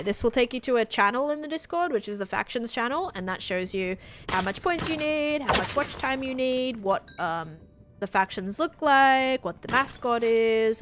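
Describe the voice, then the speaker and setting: A woman's voice: on the high side, slight background noise. A young woman with an Australian accent that is drifting toward American, chatting casually and rambling while she streams a game. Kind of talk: casual live-stream chat.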